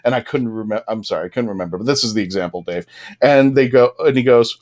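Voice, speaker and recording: A man chatting on a podcast panel, excitable, laughing often and stumbling over his words. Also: medium pitch, fast. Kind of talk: casual chat.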